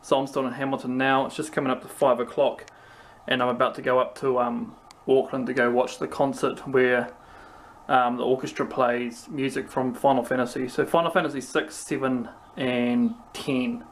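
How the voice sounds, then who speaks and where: A man's voice: medium pitch, flat delivery, moderate pace. A man with a New Zealand accent who talks casually in a vlog, rambling with many ums. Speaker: vlogger. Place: outdoors, then a busy theatre. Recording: loud background noise.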